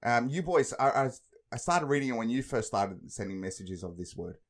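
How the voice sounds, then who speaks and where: Fairly quick and mid-range, this young man's voice carries casual podcast storytelling. As a co-host he swears freely, laughs a lot and tells his tales with animation.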